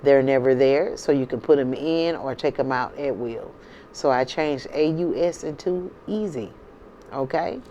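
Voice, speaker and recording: A woman's voice: rumbling low, measured pace, mellow, dull audio, a little hiss or hum. A woman from the United States hosting her own channel, talking casually and emphatically to her viewers and often checking in with "okay?" and "you know". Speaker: channel host.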